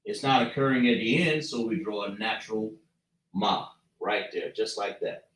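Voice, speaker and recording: A man teaching a slow lesson at a chart, patiently breaking down and repeating sounds as he writes them out. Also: on the low side, fairly bright tone, far from the mic. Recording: echoey room, voice from afar.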